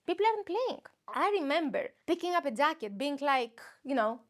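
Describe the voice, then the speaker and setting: Woman, young adult, somewhat high voice, rambling comic monologue, self-mocking, laughs a lot. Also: expressive, a little fast, hardly any pauses. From Greece. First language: Greek. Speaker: comedian podcast host. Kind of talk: comedic monologue.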